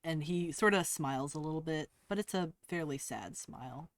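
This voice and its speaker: A man player narrating his character's actions in a tabletop game, measured and a little hesitant. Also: fairly high pitch, no echo.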